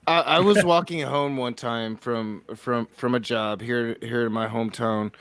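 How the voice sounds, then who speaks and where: A man from Michigan in a casual chat, talking in halting restarts and ranting earnestly. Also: mid-range voice, fairly bright tone, clean tone, no room sound. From Michigan, United States.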